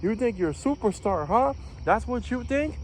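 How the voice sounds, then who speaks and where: A man acting out a furious male Navy chief who yells and curses at a recruit. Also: expressive, normal speed, a little hiss or hum. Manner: yelling, cursing, high-pitched tirade.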